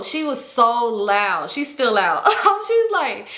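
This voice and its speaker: A young woman telling a casual storytime, animated and profane. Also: on the high side, normal speed, few pauses. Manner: animated, profane, acts out quotes in raised voices. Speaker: storytime host. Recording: echoey room.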